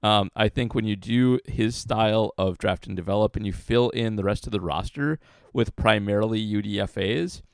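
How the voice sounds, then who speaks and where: A man's voice: on the low side, normal speed, gravelly, no echo. A man co-hosting a casual sports podcast, giving dry, opinionated takes. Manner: dry, opinionated analysis with frequent restarts. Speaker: podcast co-host.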